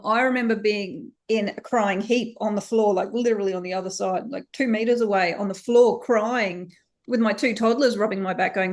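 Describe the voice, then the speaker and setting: Animated Australian woman telling her story. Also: on the high side. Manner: animated, laughs often, acts out quoted voices. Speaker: guest, company founder. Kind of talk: candid interview storytelling.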